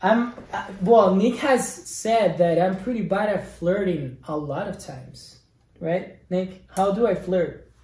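A young man with a Spanish accent chatting casually as a guest, playful and quick to laugh, often stumbling over his words. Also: high-pitched, darkish tone. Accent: Spanish-accented English. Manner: playful, stammering restarts, laughs easily. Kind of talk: casual chat. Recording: echoey room.

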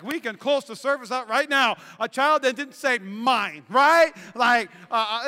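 A man preaching a sermon as pastor, telling playful stories with lively asides. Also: very high voice. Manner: animated storytelling with playful asides. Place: church sanctuary. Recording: echoey hall reverb.

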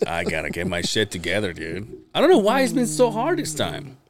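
A man's voice: fairly low pitch, wildly swooping pitch, brisk, crowd noise. A man co-hosting a casual podcast, telling rambling profane stories about his job and acting out what people said. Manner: rambling anecdotes, acts out quoted dialogue, profane. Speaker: podcast co-host. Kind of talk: casual storytelling chat.

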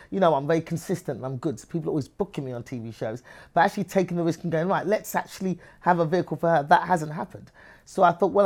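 Woman, English accent, comedian, interview guest, animated storytelling. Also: deep voice. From England. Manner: animated, acts out other people's voices in her stories. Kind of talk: lively interview conversation.

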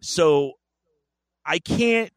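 A man's voice: fairly high pitch, lively intonation, very slow, gravelly, dry recording. A man co-hosting a podcast, telling a story in a rambling, profane, joking way. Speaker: podcast co-host. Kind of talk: casual chat.

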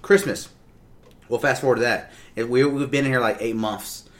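A man's voice: mid-range voice, normal speed, a bit bright. A man telling a long rambling story in casual chat, with many restarts and laughs.

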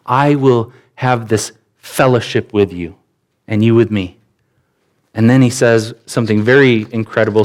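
A man preaching a sermon as pastor, earnest and conversational, often repeating his phrases as he builds a point. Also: medium pitch.

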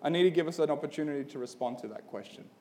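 A young man with a fairly high voice delivers a sermon in an easygoing, chatty way. His talk is full of "like" and "man". He tells a story plainly and then presses an earnest call to commitment. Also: racing, dark tone, a little hiss or hum. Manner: casual and storytelling, peppered with "like" and "man"; builds to an urgent appeal. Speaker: pastor. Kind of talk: conversational sermon.

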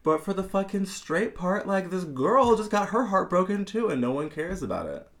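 A man in casual podcast chat about a film, animated and profane, acting out characters' lines as he retells scenes. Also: high-pitched, moderate pace.

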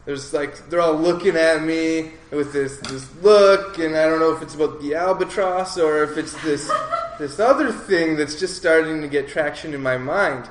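A man's voice: a little high, reverberant. A man telling a long personal story in a loose, rambling way, full of fillers and restarts, laughing at himself now and then. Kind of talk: casual spoken story, rambling and animated.

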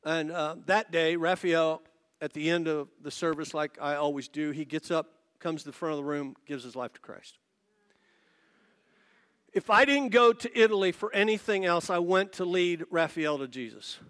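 A male pastor preaching a sermon to his church congregation, telling a story with lively asides to the listeners. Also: on the high side, smooth. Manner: animated storytelling with quick asides to the audience. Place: church service before a congregation.

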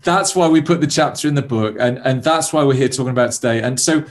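A man's voice: medium pitch, fast. A man hosting a faith interview, affirming his guest and reflecting on what was said. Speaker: interview host.

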